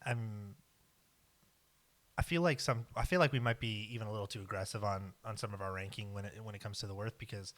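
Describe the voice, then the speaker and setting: A man's voice: on the low side, a little fast, fairly bright tone. A man co-hosting a casual podcast, talking in a rambling, hesitant way with lots of ums. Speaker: podcast co-host. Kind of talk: casual chat.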